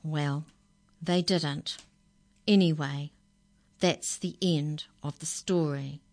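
A woman reading a children's story aloud in a gentle, patient way. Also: deep voice, fairly even intonation, takes it slowly, no echo.

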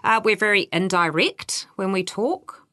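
A woman's voice: medium pitch, sing-song, measured pace, sharp tone, no room sound, clean studio sound. A woman with a New Zealand accent, answering interview questions as a workplace culture adviser, explaining patiently. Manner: explanatory, quotes others in livelier voices.

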